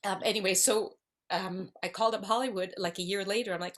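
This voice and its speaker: A woman's voice: mid-range voice, steady tone, fast, a bit bright. A woman around sixty, an actress guest, telling her story in a rambling way and circling back to where she began. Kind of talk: casual interview storytelling.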